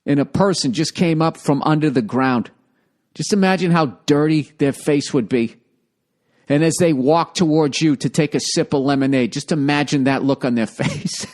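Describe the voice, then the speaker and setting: A man's voice: a little high, normal speed, darkish tone. A man in his forties with a Boston accent, telling a rambling, profane, exasperated story.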